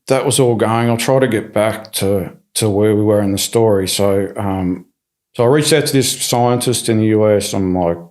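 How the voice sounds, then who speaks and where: A man with a fairly low voice tells his story as a podcast guest. He talks casually and animatedly, slipping into the voices of the people he quotes and restarting his sentences often. He is recorded in a studio. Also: normal speed, a little mellow.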